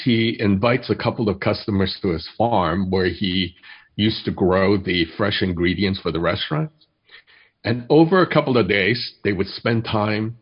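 A man delivers a sermon as a pastor, his voice low and a little husky. He tells stories at a measured pace and slows down to read poetry. The recording sounds dull and lo-fi. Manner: measured storytelling, reads poetry slowly.

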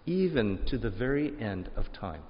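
A man's voice: fairly low pitch, very animated, moderate pace. A man preaching a sermon in a conversational way, reading scripture aloud and telling stories about his family. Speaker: pastor. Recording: dull audio with long hall reverb.

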